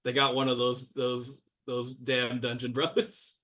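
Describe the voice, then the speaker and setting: A man runs a tabletop game, narrating in a loose, rambling way full of fillers and restarts. His voice sits at an ordinary middle pitch. He sounds slightly distant from the microphone. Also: completely flat delivery, a little slow, sharp tone. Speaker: game master.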